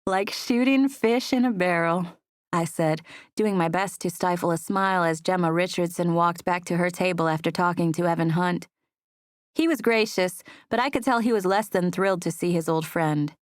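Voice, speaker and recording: A woman reading an audiobook in a steady storytelling manner. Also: fairly low pitch, normal speed, no room sound, studio quality. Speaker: audiobook narrator. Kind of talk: scripted narration.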